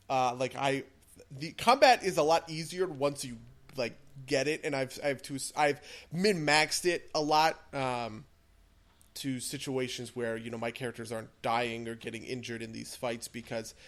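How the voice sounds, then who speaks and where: A young man co-hosting a casual podcast, chatting about games with lots of fillers and strong opinions. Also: medium pitch. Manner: rambling, filler-heavy, opinionated. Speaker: podcast co-host.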